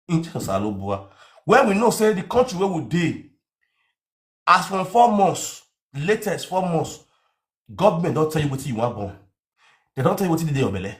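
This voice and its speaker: A man with a Nigerian accent giving an animated comic rant, swinging into shouts and mock accents. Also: fairly high pitch, normal speed, pauses often. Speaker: comedian.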